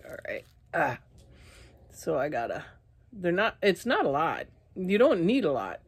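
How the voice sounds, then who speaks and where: A woman vlogging casually to her viewers, out of breath and clearing her throat often, talking in halting restarts. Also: on the low side, wildly swooping pitch, no echo. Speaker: YouTuber eating spicy candy. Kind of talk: casual vlog talk to camera.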